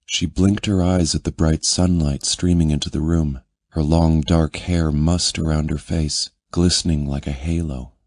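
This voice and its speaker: A man narrating a romance audiobook in a measured, intimate reading. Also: rumbling low, fairly even intonation, darkish tone, no room sound, clean studio sound.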